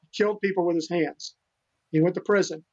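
High-voiced earnest man on dull audio. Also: steady tone, fairly quick. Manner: earnest, rambling, many restarts. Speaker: podcast guest, animal rescuer. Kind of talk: casual interview storytelling.

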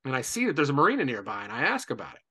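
A man in his forties from Indiana, a podcast guest telling a lively anecdote with lots of "and, uh" fillers. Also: medium pitch, rapid-fire, breathy edge. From Indiana, USA. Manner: lively storyteller, many "and, uh" fillers. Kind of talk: animated anecdote.

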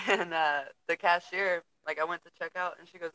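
A woman telling a casual anecdote as a podcast guest, a relaxed storyteller who laughs as she talks. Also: lowish voice, moderate pace, no room sound, poor audio.

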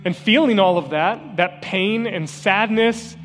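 Speaking unhurriedly in a high, fairly bright voice, this pastor delivers a sermon built on heartfelt personal stories and repeated key phrases. The setting is a church sanctuary, with long reverb and soft guitar music audible in the background.

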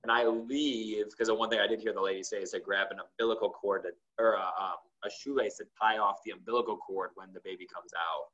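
Talk-show guest, male, lower voice, lively story delivery, dull recording. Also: a little fast, hardly any pauses. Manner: acts out quoted dialogue with lots of "like". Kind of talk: animated storytelling.

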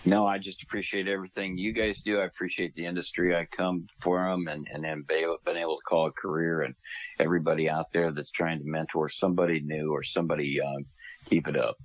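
A man from Minnesota telling a story on a podcast, talking in a lively way and acting out the voices of the people he quotes. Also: deep voice, brisk, low-quality recording. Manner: animated, acts out quoted voices. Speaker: guest storyteller.

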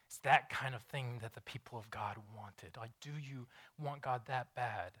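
A man's voice: mid-range voice, normal speed, few pauses, fairly bright tone, slightly rough. A man in his thirties preaching a sermon in a conversational, storytelling way, often restarting sentences. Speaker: pastor.

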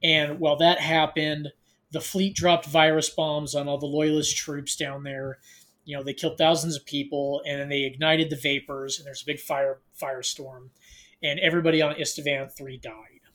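A man's voice: fairly high pitch, flat delivery, moderate pace, a bit bright. A man co-hosting a podcast, recapping a novel in loose, filler-heavy casual chat with wry teasing. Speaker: podcast co-host.

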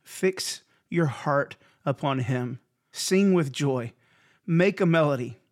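A man's voice: fairly high pitch, slow. Earnest man preaching a devotional. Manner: earnest, encouraging, repeats phrases for emphasis. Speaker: pastor and podcast host. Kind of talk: devotional podcast sermon. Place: Houston area.

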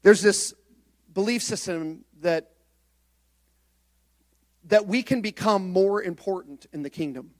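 High-voiced impassioned male preacher. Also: takes it slowly, long pauses. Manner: preaching with swings from soft, low passages to loud high-pitched exhortation. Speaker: pastor. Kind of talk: sermon.

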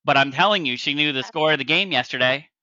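A man's voice: fairly high pitch, fast talker, pushed and bright, no room sound. A middle-aged man co-hosting a gaming podcast, talking bluntly and emphatically with plenty of swearing. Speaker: podcast co-host. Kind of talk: casual chat. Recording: dull lo-fi mic.

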